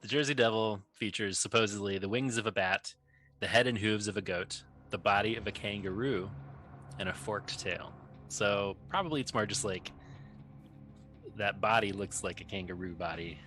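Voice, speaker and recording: A man's voice: on the low side, normal speed, sharp tone, slight background noise. A man co-hosting a casual podcast, reading trivia questions aloud and joking with his co-host. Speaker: podcast co-host, quiz master.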